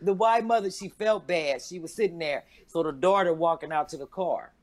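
A woman in her fifties, a stand-up comedian, telling a story in a loud, profane, animated way and acting out every quote. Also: moderate pace. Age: 50s. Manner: loud, profane, acts out quotes with big pitch jumps.

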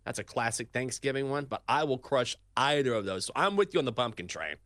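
A man co-hosting a sports talk show, chatting casually and telling animated stories. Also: a little fast, no echo, clean studio sound. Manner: animated storyteller, shifts pitch and pace often. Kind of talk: casual sports radio chat.

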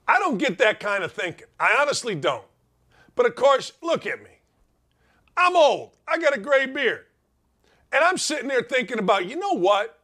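A middle-aged man rants through an opinionated sports talk monologue, his voice sitting high for a man. He swings widely in pitch and fires off rhetorical questions with emphatic conviction. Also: very animated, normal speed, long pauses, bright, forceful tone. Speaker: sports talk show host.

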